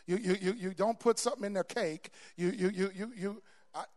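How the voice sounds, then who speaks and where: A man preaching a sermon to a congregation, stammering on repeats and building to loud, emphatic peaks. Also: sits high, brisk. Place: church before a congregation.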